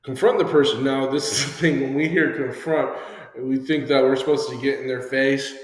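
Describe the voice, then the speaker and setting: A man's voice: medium pitch, moderate pace. Man teaching in an echoey room. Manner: acts out short dialogues in shifting voices. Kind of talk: classroom lesson. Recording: echoey room with long reverb.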